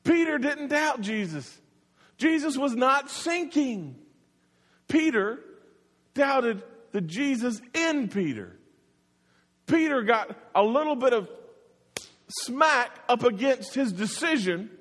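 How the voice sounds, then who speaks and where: A man preaching a sermon, telling the story in an animated way and acting out the voices. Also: very high-pitched, takes it slowly, long pauses. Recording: long hall reverb.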